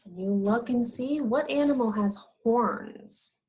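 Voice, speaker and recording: A woman teaching young children, asking questions about farm animals and answering them in a drawn-out, encouraging way. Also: a little high, darkish tone. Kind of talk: slow, sing-song teaching of young children.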